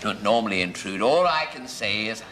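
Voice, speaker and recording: A man's voice: fairly low pitch, animated, moderate pace, pushed and bright. An actor playing a fussy, chatty pub landlord in a 1970s sitcom, chattering and laughing at his own jokes. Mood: apologetic. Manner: chattering, giggling, self-amused. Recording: studio audience laughter.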